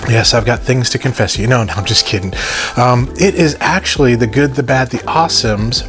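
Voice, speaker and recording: A man with a Southern accent hosts a toy review channel, talking to viewers casually and enthusiastically with joking asides. His mid-range voice moves a little fast, with loud music behind it.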